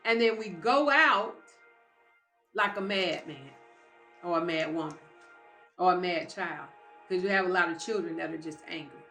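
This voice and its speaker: A woman's voice: on the low side, moderate pace, pauses often, pushed and bright, faint music behind. Female motivational speaker, emphatic and preacher-like; roomy recording. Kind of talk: live motivational talk.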